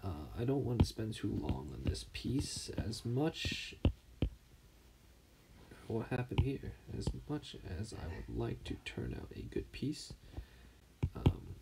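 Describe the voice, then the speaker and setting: Tired man mumbling half-whispered, creaky. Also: on the low side, huge pitch swings, takes it slowly, pauses often, heavy background noise. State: tired, something in his throat. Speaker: artist streaming his drawing. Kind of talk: casual commentary while drawing.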